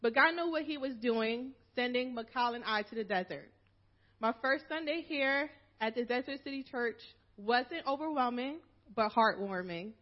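A woman's voice: a little high, expressive, normal speed, dull audio. A woman from Philadelphia reading a prepared farewell speech to her church, emotional and holding back tears. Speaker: minister's wife giving a farewell talk.

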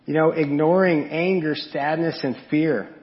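A man preaches in a plain, conversational way, stopping often to ask the congregation questions. His voice sits a little high for a man. The sound is dull and lo-fi, and it rings with the long reverb of a big church room. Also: steady tone, unhurried. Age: adult parent. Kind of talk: sermon. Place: church sanctuary.

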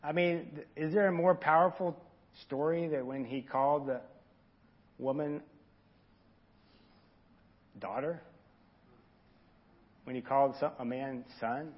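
A man's voice: on the high side, steady tone, slow pace, long pauses, dull audio. A man preaching an informal, earnest sermon and talking straight to his congregation. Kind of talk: conversational sermon.

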